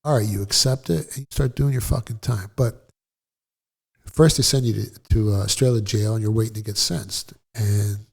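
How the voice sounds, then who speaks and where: A middle-aged man telling a personal story in a blunt, profane, animated way, as a guest in a casual interview. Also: lowish voice, moderate pace, vocal fry, slightly rough.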